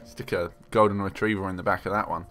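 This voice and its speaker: A man casually commentating his own racing game play, excitable, joking and rambling. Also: low voice, fast, soft background music, poor audio. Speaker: games journalist playing and commenting.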